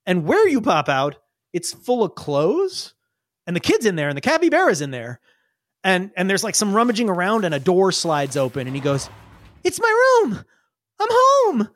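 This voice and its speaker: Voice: medium pitch, big pitch swings, normal speed, no echo, studio quality. A game master narrating a tabletop game, rambling and often laughing.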